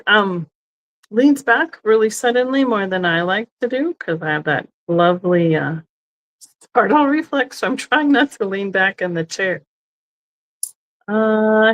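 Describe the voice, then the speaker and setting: A woman's voice: medium pitch, fairly bright tone, rough recording. A woman hosting a live online sale, chatting casually and thinking aloud as she describes each item, often correcting herself. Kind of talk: casual live-stream selling. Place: indoors, seated in a chair.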